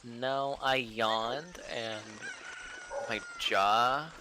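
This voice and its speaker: A man casually commentating a speedrun race, relaxed and joking, explaining game details. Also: mid-range voice, extremely slow, noisy background.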